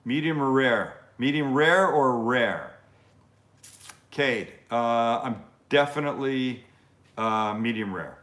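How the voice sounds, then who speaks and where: A cooking host chats loosely through a live Q&A, answering viewers in a rambling, offhand way with casual swearing. His voice sits at an ordinary male pitch. The sound carries the echo of his roomy home kitchen. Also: expressive, takes it slowly, fairly bright tone. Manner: rambling, casual, swears freely, many fillers.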